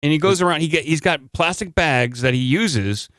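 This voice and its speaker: A man's voice: a little high, normal speed, fairly bright tone, no room sound, studio quality. A man co-hosting a podcast, casually chatting and joking while reacting to a news clip. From lived in Arizona. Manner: joking, incredulous. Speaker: podcast co-host.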